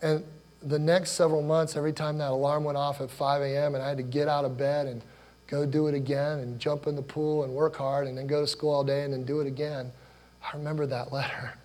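A man's voice: fairly high pitch, flat delivery, brisk, a little mellow. Man preaching a conversational sermon. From Ohio, USA. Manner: conversational, personal storytelling, asks the congregation questions. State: choked up with emotion. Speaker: pastor.

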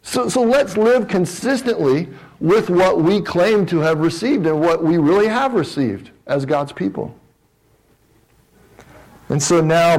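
A man's voice: a little high, darkish tone, poor audio. Man preaching in a conversational way. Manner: conversational preaching with frequent restarts. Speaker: pastor. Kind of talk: sermon.

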